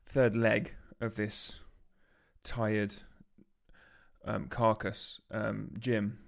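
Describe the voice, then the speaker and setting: A man's voice: lowish voice, level tone, very slow. A man co-hosting a podcast, teasing his partner in a dry, casual way. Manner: dry, teasing, rough-edged. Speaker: podcast co-host. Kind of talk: casual chat.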